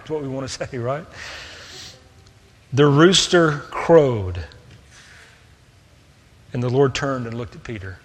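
A man preaching a sermon, earnest, moving between hushed tender passages and raised emphatic ones. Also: medium pitch, normal speed, long pauses. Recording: long reverb of a hall.

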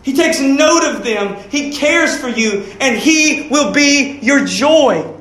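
Pastor, male, high voice, slow and deliberate, earnest pleading sermon, reverberant sanctuary sound. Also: animated, a bit bright. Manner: earnest, pleading preaching with rhetorical questions.

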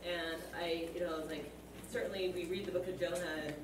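A woman's voice: on the low side, steady tone, fairly quick. A woman in a class discussion, speaking hesitantly with many fillers. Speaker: class participant. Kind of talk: comment in group discussion. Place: classroom, away from the mic. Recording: distant, roomy, with clear room noise.

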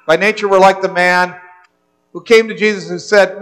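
A man's voice: high voice, flat delivery, moderate pace, fairly bright tone, rough recording. A male pastor preaching a sermon in an earnest way, often repeating words as he restarts a phrase.

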